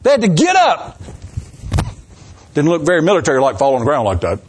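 A man's voice: fairly high pitch, fairly quick, husky. A man preaching a sermon, telling stories animatedly and acting out the quotes. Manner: animated storytelling, acts out quotes.

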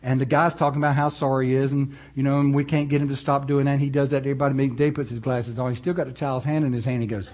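A male pastor, preaching in a folksy, animated way with storytelling asides. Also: medium pitch, racing, few pauses. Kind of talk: sermon.

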